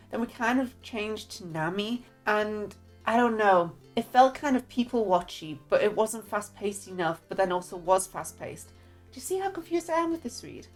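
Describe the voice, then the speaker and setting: A woman with a mid-range voice talks through a book review in a relaxed, chatty way. She hedges and hesitates as she weighs her opinions. Soft music plays faintly behind her. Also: mid-range voice. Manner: chatty and hesitant, often hedging with "kind of" and "sort of". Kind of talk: casual spoken book review.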